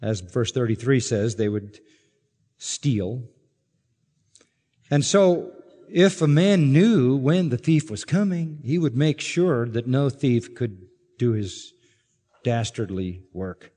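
A man's voice: mid-range voice, expressive, slow, warm tone, big-room sound. A male pastor preaching an expository sermon, reading scripture aloud and building to emphatic peaks on key lines.

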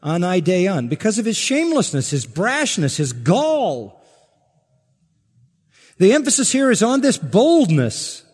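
A man's voice: high-pitched, huge pitch swings, measured pace, a little mellow, slightly rough, in a large hall. A pastor preaching an emphatic sermon, his voice rising sharply on key words.

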